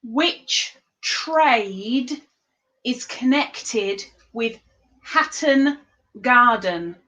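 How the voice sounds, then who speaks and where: A woman hosting a live-streamed trivia game, chatty and playful, reading the questions out slowly. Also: on the high side, expressive, sharp tone, low-quality recording. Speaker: livestream quiz host.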